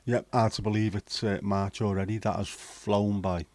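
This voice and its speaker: A man's voice: lowish voice, flat delivery, moderate pace, darkish tone, no echo. A middle-aged man hosting a casual livestream chat, reading out viewer comments and answering them bluntly, swearing freely. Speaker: livestream host.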